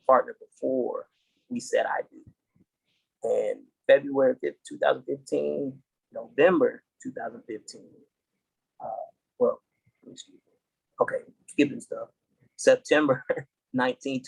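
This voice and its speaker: Middle-aged man, podcast guest, husky gravelly voice, earnest halting storytelling. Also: medium pitch, poor audio. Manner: earnest, halting, restarts dates. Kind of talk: casual interview storytelling.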